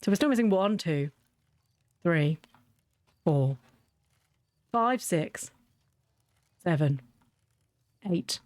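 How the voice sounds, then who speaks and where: A woman's voice: lowish voice, expressive, very slow, pauses often, darkish tone, no room sound. A woman streamer chatting casually during a livestream, rambling through anecdotes.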